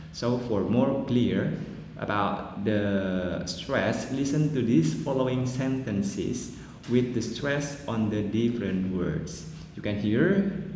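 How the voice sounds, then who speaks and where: A man whose first language is Indonesian, giving a pronunciation lecture in English, explaining slowly and deliberately with asides like "well, everyone". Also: mid-range voice, mellow. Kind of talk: recorded classroom lecture. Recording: echoey long-reverb room, faint noise.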